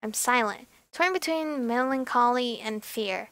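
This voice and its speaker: A woman's voice: a little high, animated, fairly quick, creaky, pushed and bright, no room sound. A woman hosting a let's play, reading a visual novel aloud with nervous, giggly, swearing reactions.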